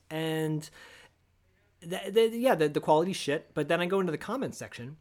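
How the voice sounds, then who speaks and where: A man co-hosting a casual podcast, telling a long story with lively asides and quoted voices. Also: a little high, normal speed. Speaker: podcast co-host. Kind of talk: casual chat.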